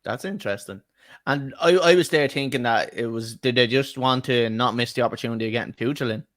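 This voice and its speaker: A man's voice: medium pitch, brisk, a bit bright, no echo, studio quality. A man co-hosting a football podcast, chatty and laughing, swearing freely in casual banter. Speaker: podcast co-host. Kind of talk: casual chat.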